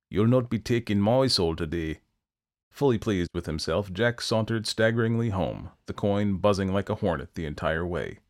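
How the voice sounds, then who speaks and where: Male folktale narrator, somewhat low, steady and expressive. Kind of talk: storytelling narration.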